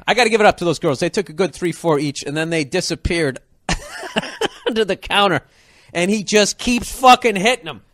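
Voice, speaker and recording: A man's voice: high voice, moderate pace. A man telling a story as a comic rant, swearing freely and acting out the people in it. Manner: profane, animated, mimics people in the story.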